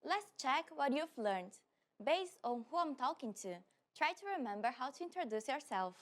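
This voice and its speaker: A woman hosts a scripted beginner language lesson in an upbeat, clear manner. Her voice is high and bright in pitch. She slows down on purpose whenever she repeats a phrase for learners. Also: very animated. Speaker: language teacher host.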